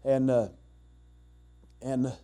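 A middle-aged man preaching a sermon, moving between shouted preaching and quiet storytelling, with frequent "uh" fillers. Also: mid-range voice, little pitch movement, slow, smooth. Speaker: pastor.

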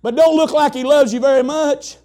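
A man's voice: very high voice, steady tone, brisk, dark tone. A man preaching voices the devil as a sly male tempter, mocking with needling questions. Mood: taunting.

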